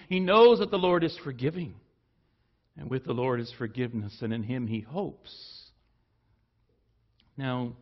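A man preaching a sermon in an earnest way, rising for emphasis and then dropping low and soft. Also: muffled recording.

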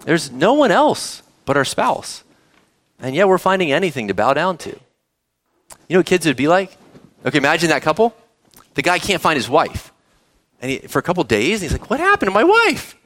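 A man's voice: on the high side, moderate pace, long pauses. A man preaching a sermon, reading verses and asking the congregation questions, speaking to kids too. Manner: animated preaching, asks the audience questions, addresses kids. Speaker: pastor.

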